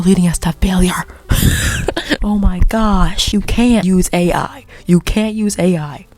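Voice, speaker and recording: A woman's voice: mid-range voice, a little mellow, dry recording. Giggly rambling young woman vlogging. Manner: giggly, rambling, goes off on tangents. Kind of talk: casual rambling vlog. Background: faint background music.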